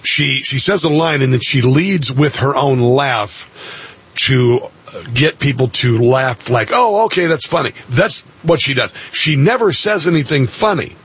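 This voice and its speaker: A man's voice: mid-range voice, a little slow, fairly bright tone, husky. A man hosting a radio commentary show, mocking and sarcastic, with lots of filler sounds.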